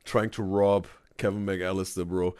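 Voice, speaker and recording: Deep-voiced man reacting, lively and halting. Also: no echo, studio quality. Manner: halting, many restarts, says "bro" and "right?" often, laughs loudly. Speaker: reaction streamer. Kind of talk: casual live reaction commentary.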